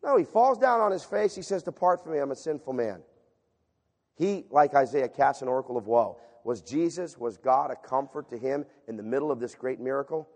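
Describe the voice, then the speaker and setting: A man preaching a sermon and reading scripture aloud, shifting from loud emphatic passages to hushed reading. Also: medium pitch, animated, a little fast, hardly any pauses. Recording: long reverb of a large hall.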